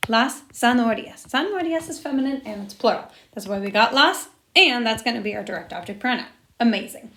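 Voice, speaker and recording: Woman, teacher, upbeat, encouraging, step-by-step explanations, fairly high voice. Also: animated, brisk, bright, forceful tone, a little hiss or hum. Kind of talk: recorded classroom lesson.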